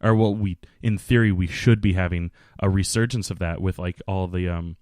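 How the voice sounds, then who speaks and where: A young man explains things in a relaxed podcast chat, halting often with fillers and restarts. His voice is somewhat low. The sound is dry and close to the mic. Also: no room sound. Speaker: podcast co-host. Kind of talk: casual chat.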